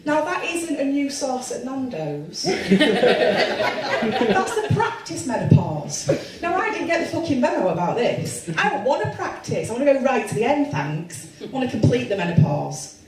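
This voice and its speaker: A self-deprecating comedian in her forties works a live club crowd with crude, deadpan stand-up. Her slightly high voice swings widely in pitch. The sound is very roomy and picked up from some distance, with audience laughter all around. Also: moderate pace. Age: 40s.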